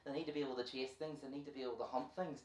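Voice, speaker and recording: A man voicing a calm male vet in a flat, deadpan way, in a stand-up bit. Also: mid-range voice, rapid-fire, echoey room, close to an everyday voice.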